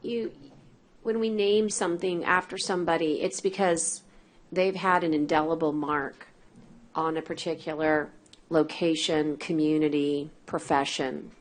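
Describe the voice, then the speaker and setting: Low-voiced woman chairing a meeting. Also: fairly even intonation, unhurried. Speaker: county judge chairing the court. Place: government meeting.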